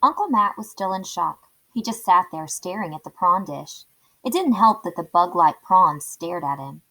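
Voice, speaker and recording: A woman reading a children's chapter book aloud in a clear, steady storytelling voice. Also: on the low side, moderate pace, low-quality recording.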